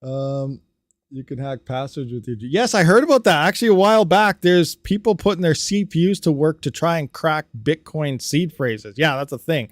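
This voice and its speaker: A man hosting a casual livestream, ranting about hardware and reading out viewer comments, animated and quick to get riled up. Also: fairly high pitch, no echo. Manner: animated, ranting, talks fast then trails off quietly. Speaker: crypto mining livestream host.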